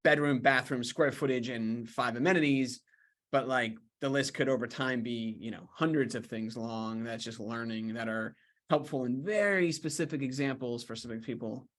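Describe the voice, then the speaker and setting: A man's voice: mid-range voice, moderate pace, fairly bright tone. Easygoing male interview host. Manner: easygoing, affirming, with frequent fillers. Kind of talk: casual interview chat.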